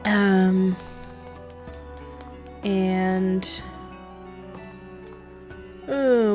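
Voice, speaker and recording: A chatty young woman narrating her gameplay, thinking out loud and laughing often. Her voice sits in a middle range, with faint game music underneath. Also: mid-range voice, lively intonation, a little slow. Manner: chatty, giggly, thinking aloud. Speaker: gameplay streamer. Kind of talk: casual gameplay commentary.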